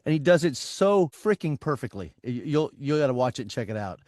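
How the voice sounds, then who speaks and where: A man in his sixties chatting casually as a podcast co-host, telling stories in a rambling, animated way. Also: medium pitch, fairly quick, no room sound, clean studio sound. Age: 60s. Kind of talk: casual chat.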